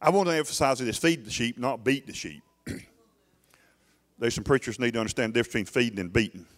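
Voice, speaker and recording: A man's voice: mid-range voice, brisk. Middle-aged male pastor, church sermon, emphatic, keeps circling back with "listen to me" restarts.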